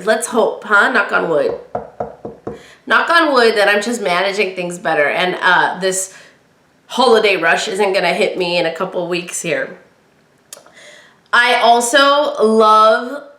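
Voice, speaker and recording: A woman hosting a podcast, chatting casually and telling stories, acting out friends' lines in lively voices. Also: a little high, roomy sound. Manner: chatty storyteller, quotes friends in animated voices. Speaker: podcast host. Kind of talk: casual chat.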